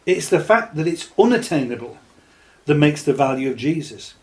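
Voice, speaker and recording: Impassioned male preacher, fairly high voice. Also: animated. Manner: reads scripture slowly, then rises to impassioned exhortation. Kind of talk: sermon, Bible teaching.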